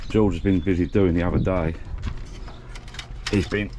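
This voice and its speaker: A vlogger walks and talks out of breath, showing a renovation on a handheld camera, first walking outdoors and then inside a building site. His deep, mellow voice keeps fairly even intonation at normal speed as he chats and rambles with restarts, over a little hiss or hum.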